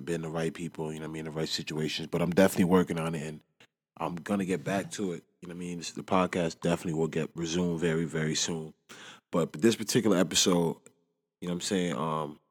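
A man's voice: sits low, long reverb tail. A man in his twenties hosting a podcast alone, talking in a loose, rambling monologue full of fillers, shaken and upset. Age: 20s. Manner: rambling, constant "you know what I'm saying" fillers. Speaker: podcast host. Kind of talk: casual solo monologue.

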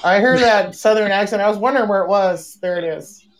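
A woman's voice: medium pitch, a little fast. A woman co-hosting a live call-in radio show, chiming in with agreeable remarks. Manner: agreeable, chuckling asides. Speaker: radio co-host.

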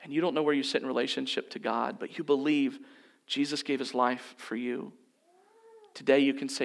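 A man's voice: medium pitch, steady tone, a little fast, gravelly. A man preaching a sermon as a pastor, speaking earnestly with repeated rhythmic phrases at a church service. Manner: earnest, repetitive preaching cadence. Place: church service, also streamed online.

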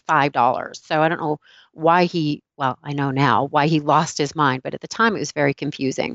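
A middle-aged woman with a fairly low voice gives a reflective self-help talk. She tells a personal story calmly and voices both sides of the conversations in it. The recording is dry and a little muffled. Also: dry recording. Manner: calm storytelling with quoted dialogue.

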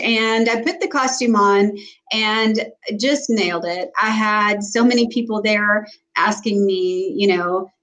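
A woman chatting casually as a co-host. Her voice sits at an ordinary middle pitch, and she tells her stories at an easy pace, full of ums, restarts and asides. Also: fairly even intonation, slow pace, a bit bright, low-quality recording. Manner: storytelling with many fillers and restarts. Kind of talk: casual chat.

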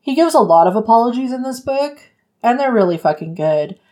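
A woman's voice: a little high, sing-song, a little fast, warm tone. A woman hosting a book podcast, retelling the story in a casual chat and acting out quotes with frequent laughs.

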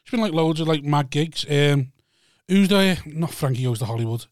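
A man hosting a podcast, chatting casually in a blunt, sweary, deadpan way. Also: on the high side, moderate pace, no room sound, clean studio sound. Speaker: podcast host. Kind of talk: casual chat.

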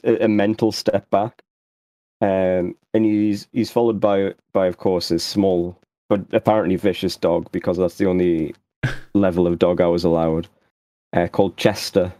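A man's voice: deep voice, warm tone, no echo. A man playing a tabletop game, rambling through his character's introduction in a jokey way. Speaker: player. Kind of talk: casual tabletop game chat.

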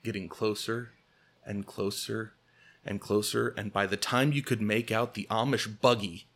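A man's voice: fairly low pitch, fairly even intonation, a little slow, a bit bright, breathy edge. A man telling a comic personal story as podcast host, acting out quotes, swearing and laughing often.

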